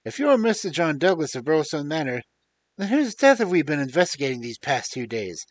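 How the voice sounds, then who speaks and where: A man doing a loud, exasperated police inspector. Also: a little high, big pitch swings, a little fast, dry recording. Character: bewildered, indignant male police inspector.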